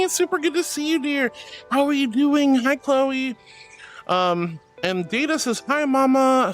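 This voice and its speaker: High-voiced man reading chat fondly. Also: fairly bright tone. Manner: affectionate, calls viewers honey and darling; playful and giggly. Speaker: streamer. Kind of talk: casual live-stream chat reading.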